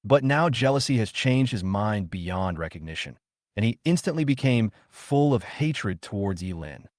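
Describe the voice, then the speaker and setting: Man, scripted story narration, steady storytelling, low voice, dry. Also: moderate pace, dry recording. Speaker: recap narrator.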